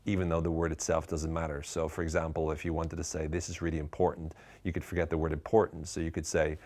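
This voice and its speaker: A man giving a tongue-in-cheek lesson to camera with a lively, emphatic, ironic delivery. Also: very deep voice, fast talker. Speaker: speaker teaching communication skills.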